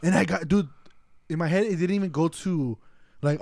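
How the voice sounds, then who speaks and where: Young man, casual storyteller, swears freely, slightly high voice, dry close recording. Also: moderate pace, gravelly, darkish tone, no room sound. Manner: rambling storyteller, swears a lot, acts out quotes. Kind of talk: casual chat.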